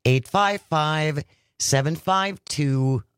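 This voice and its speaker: A man's voice: a little high, drawn-out words, a bit bright, clean tone, no echo, clean studio sound. A man hosting a radio talk show, upbeat and coaxing listeners to call in. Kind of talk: casual radio chat. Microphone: studio microphone.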